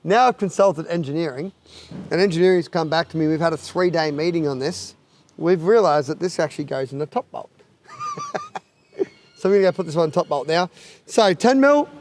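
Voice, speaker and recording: A man's voice: on the high side, brisk, long pauses, darkish tone, a little hiss or hum. A man with an Australian accent presenting a casual, jokey how-to install video and laughing at his own fumbles. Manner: larrikin banter, laughs at himself.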